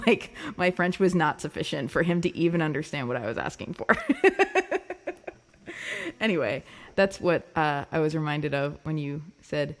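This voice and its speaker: A woman's voice: deep voice, steady tone, moderate pace. A woman hosting her own music livestream, chatting casually with viewers, laughing often and filling her talk with ums and likes. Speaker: singer-songwriter livestream host.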